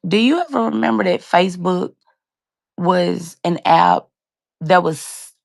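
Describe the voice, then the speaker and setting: Heavily gravelly woman telling her story. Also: fairly low pitch, measured pace, no echo. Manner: casual, emotional, speaks straight to listeners with "y'all" and "you guys". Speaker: live-stream host telling a personal story. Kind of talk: candid personal storytelling to a live audience.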